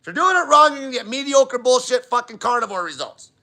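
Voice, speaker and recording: A man's voice: extremely high pitch, lively intonation, fast, sharp tone. A man hosting a live diet Q&A, talking bluntly and swearing constantly in an emphatic rant. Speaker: diet channel host.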